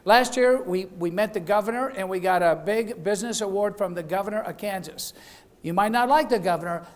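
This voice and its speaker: A man's voice: high-pitched, a little fast. Middle-aged man, school founder, delivering a playful graduation speech with frequent jokes. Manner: chatty, jokey, laughs at his own jokes. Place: event hall.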